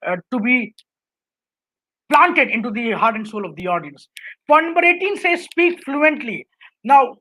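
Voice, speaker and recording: Poor audio captures a high, slightly bright female voice with an Indian English accent. She's lecturing on public speaking in a webinar, laying out numbered points in an instructive way and frequently checking in with "right?"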